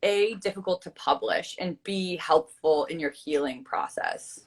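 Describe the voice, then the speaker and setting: A woman fiction writer hosting an interview, chatty and animated, often acting out quick reactions. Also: on the low side. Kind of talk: casual conversational interview.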